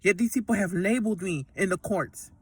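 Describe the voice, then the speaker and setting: This vlogger speaks briskly in a mid-range, slightly rough voice, recorded without echo but somewhat distant from the mic. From a parked truck she rants to the camera, emotional and agitated, swearing heavily and repeating herself.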